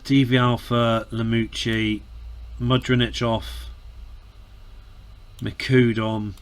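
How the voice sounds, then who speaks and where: A man giving emotional casual commentary on his football management game, sighing, groaning and breaking into shouts, often repeating words. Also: medium pitch, fairly even intonation, slow. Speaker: gaming commentator. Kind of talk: casual let's-play commentary.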